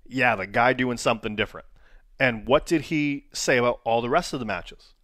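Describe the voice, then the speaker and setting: A man of middle pitch leads an online training lesson, asking his viewers question after question. He coaches in a plain, direct way. The recording is dry and close. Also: normal speed, fairly bright tone, no room sound. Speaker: wrestling coach.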